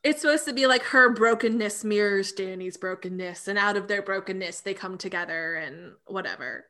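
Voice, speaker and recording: A woman's voice: mid-range voice, normal speed, pushed and bright. A woman co-hosting a podcast in casual chat, thoughtful and a little hesitant. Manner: thoughtful, hesitant, with fillers and restarts. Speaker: podcast co-host.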